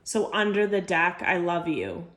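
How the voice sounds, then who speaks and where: A woman's voice: on the low side, sing-song, unhurried, fairly bright tone. A woman giving an intuitive tarot reading to camera, chatty and heartfelt, full of filler words. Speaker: tarot reader. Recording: echoey room.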